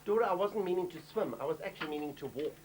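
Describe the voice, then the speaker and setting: A man's voice: high-pitched, animated, rapid-fire, slight background noise, rough recording. An actor playing a chattering, self-important white Johannesburg woman with a South African accent in a TV comedy. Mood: brassy. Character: brash gossipy middle-aged white Johannesburg woman. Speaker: comic lead. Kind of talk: TV comedy acting.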